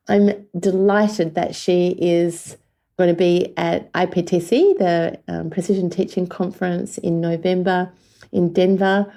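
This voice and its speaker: A woman's voice: on the low side, dark tone. A woman with an Australian accent, a podcast host giving an effusive, enthusiastic outro with occasional fillers. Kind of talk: scripted-sounding solo outro.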